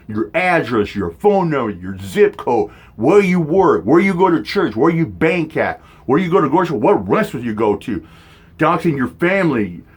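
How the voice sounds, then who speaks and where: A man hosting a stream, ranting in a profane, mocking, casual way. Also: breathy edge. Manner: mocking, mimics others in high voices. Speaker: streamer host.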